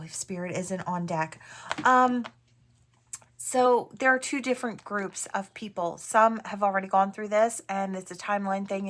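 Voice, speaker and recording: Chatty woman doing a tarot reading. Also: medium pitch. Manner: chatty, musing aloud with fillers and soft asides. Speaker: tarot reader.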